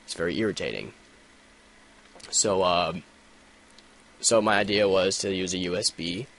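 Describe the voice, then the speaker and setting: A young man telling a story in a casual vlog, swearing a lot and rambling, with sudden loud rants. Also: sits low, unhurried. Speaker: gaming vlogger. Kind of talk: casual ranting vlog update.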